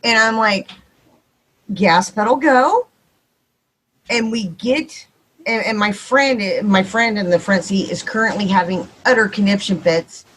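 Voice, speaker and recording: A woman with a Texan accent, probably in her thirties or forties, telling a ghost story on a podcast, quick and animated and acting out the dialogue. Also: mid-range voice, poor audio. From Texas. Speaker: podcast guest. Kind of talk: casual storytelling.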